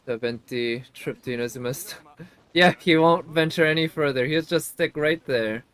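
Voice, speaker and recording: A man's voice: on the high side, normal speed, a bit bright, smooth. A man giving casual gameplay commentary as a streamer, chatty and thinking aloud, often laughing. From United States.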